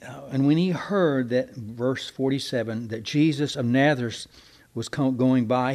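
A man's voice: mid-range voice, darkish tone. An older man preaching a sermon in a folksy, digressive way, with asides and restarts.

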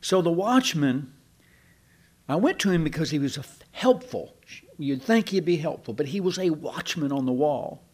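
An older man preaching a sermon, his voice sitting a little high and swinging widely as he tells stories. He breaks off into asides and restarts his sentences, building to emphatic points. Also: animated, normal speed, a little mellow.

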